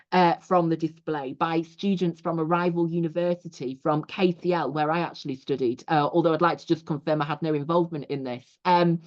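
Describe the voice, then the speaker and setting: A young woman from England gives a recorded lesson, explaining point by point and dropping in "you know" as she goes. Her voice sits a little low. The audio is dull and lo-fi, with the top end muffled. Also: darkish tone. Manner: explanatory, frequent 'you know' asides. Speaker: teacher. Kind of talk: recorded lecture over slides.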